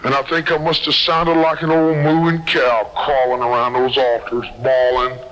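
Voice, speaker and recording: A man's voice: medium pitch, monotone, normal speed, crowd noise, low-quality recording. A man sharing a personal testimony with a live audience in a folksy, earnest storytelling way. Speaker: speaker sharing his testimony.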